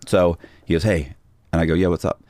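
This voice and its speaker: A man's voice: deep voice, steady tone, brisk, a little mellow, no echo, studio quality. A middle-aged man, a podcast guest, telling a story casually with restarts and acted-out quotes of other people. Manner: rambling, restarts, acts out quoted dialogue.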